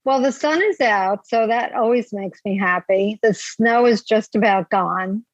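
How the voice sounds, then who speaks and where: A woman's voice: mid-range voice, a little slow, dry recording, dull audio. An older woman from New Jersey, a grandmother, chatting as a guest on a podcast in a friendly, matter-of-fact way. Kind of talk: casual interview.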